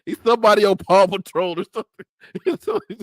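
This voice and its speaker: A man's voice: high-pitched, very animated, a little fast, dry recording, clean studio sound. A man co-hosting a casual podcast, telling loose, slangy stories with frequent laughter. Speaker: podcast co-host. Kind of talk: casual chat.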